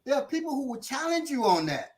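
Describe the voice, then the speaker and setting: A man telling lively street stories in a casual discussion as an instructor, swearing freely and acting out the people he quotes. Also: very high-pitched, quick pace, a little hiss or hum. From Chicago.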